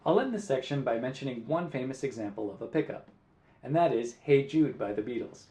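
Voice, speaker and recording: A man teaching guitar rhythm, counting beats aloud in a clear, patient way. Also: medium pitch, lively intonation, fairly quick, mellow. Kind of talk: music lesson. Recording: roomy echo.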